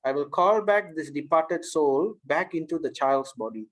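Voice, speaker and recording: Consoling old sage, instructive and even, as read by a man with a slightly high voice. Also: moderate pace. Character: consoling elderly male sage.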